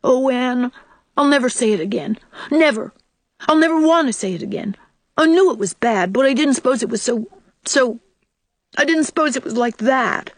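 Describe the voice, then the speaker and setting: A woman voicing a small, anxious, earnest boy in a quick, pleading, higher voice. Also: sing-song, no echo.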